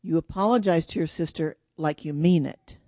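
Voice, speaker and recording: A firm, scolding mother orders her daughter to apologize in a slightly lowered voice, as a woman acts her out in a storybook telling. The sound is dull and dry. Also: moderate pace, warm tone, no room sound. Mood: stern.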